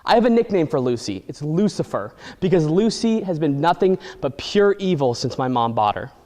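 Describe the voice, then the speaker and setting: A man telling an exaggerated comic story with animated, deadpan delivery. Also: a little high, moderate pace. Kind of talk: comedic storytelling. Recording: long hall reverb.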